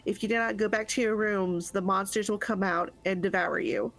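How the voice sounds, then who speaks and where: A woman's voice: mid-range voice, steady tone, moderate pace, lightly acted. A woman playing a stern, weary mother mage. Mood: scolding. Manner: stern, scolding, tired.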